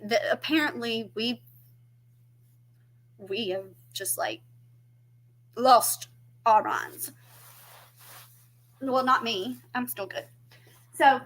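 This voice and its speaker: A woman's voice: fairly high pitch, fairly bright tone. A woman, chatting casually to camera as a true crime YouTube host and telling stories. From Southern United States. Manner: chatty storyteller, acts out quoted voices.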